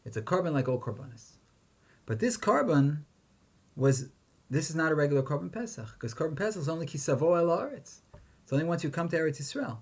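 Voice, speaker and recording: A man's voice: on the high side, sing-song, brisk, husky. A man giving a Torah lecture, posing questions and chanting Hebrew verses with emphasis. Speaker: rabbi teaching Torah.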